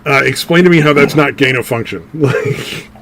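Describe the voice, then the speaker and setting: A man's voice: mid-range voice, normal speed, gravelly, slight background noise. Man ranting in profane podcast chat. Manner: animated, swearing, laughing at own jokes. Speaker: podcast co-host.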